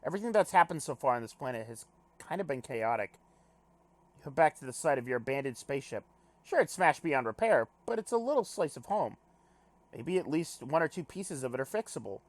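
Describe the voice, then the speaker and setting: A man playing a game on video, reading its text aloud with casual commentary, animated and swearing casually while joking at himself. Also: medium pitch, brisk. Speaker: let's play gamer.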